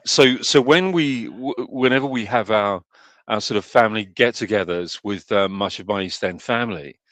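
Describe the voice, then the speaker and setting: Guy hosting a chat stream, lowish voice, keeps stammering and restarting. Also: moderate pace, fairly bright tone, no room sound. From East End of London. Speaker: stream host. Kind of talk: casual panel chat.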